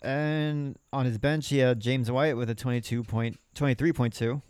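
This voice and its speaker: Male podcast co-host, casual score recap, smooth voice, dry sound. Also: mid-range voice, steady tone, darkish tone, no room sound. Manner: reads scores in quick list form. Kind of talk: casual fantasy football recap.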